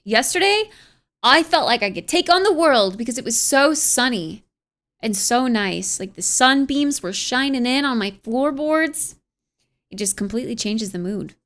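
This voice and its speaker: A woman's voice: on the high side, fairly bright tone. A young American woman streamer chatting casually at home, reading viewers' messages aloud and musing on them with frequent laughs. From United States. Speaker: livestreamer.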